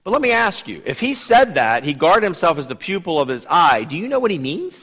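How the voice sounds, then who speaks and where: Lively man teaching in a reverberant hall. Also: fairly high pitch, brisk. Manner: lively, asks the audience questions. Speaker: Bible teacher. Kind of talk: Bible study teaching.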